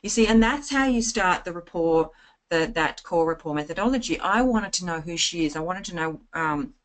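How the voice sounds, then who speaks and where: A woman's voice: fairly low pitch, expressive, moderate pace. A middle-aged woman giving a chatty business training talk, telling stories and acting out conversations.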